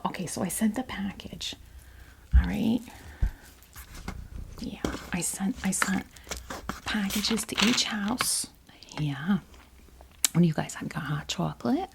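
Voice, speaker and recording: A woman's voice: medium pitch, vocal fry, darkish tone, slight background noise. A woman in her fifties voicing a chatty, fussing grandmother from New Jersey on a video call, in whispered role-play. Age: 50s.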